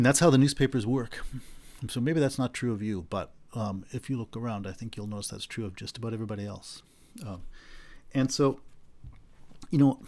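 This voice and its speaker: A man's voice: fairly low pitch, darkish tone. A middle-aged man lecturing on philosophy in a loose, conversational way, often repeating words as he searches for the phrasing. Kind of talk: university lecture.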